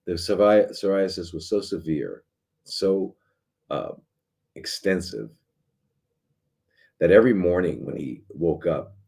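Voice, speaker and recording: A middle-aged man with a very low, husky voice hosts a live show as a doctor. He talks in a loose, rambling way, full of restarts and fillers. His tone stays dry and sarcastic. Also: lively intonation, takes it slowly, pauses often, a little mellow. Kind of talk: casual live talk.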